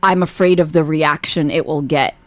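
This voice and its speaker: A woman's voice: low-pitched, fairly even intonation, normal speed, no echo. A woman co-hosting a casual radio talk show, agreeable and reflective.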